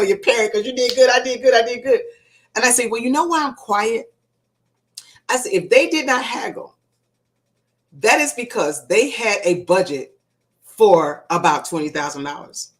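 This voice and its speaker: Animated woman coaching, storytelling style. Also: fairly high pitch. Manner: animated storytelling, acts out quoted dialogue. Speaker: success coach and host. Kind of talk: casual livestream coaching talk.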